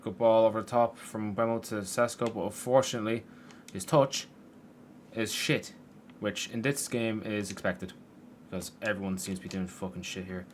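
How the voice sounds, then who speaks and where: A young gaming YouTuber commentates his football game from his room, swearing and venting frustration at the players and the game. His voice is fairly low, with a little hiss or hum in the background.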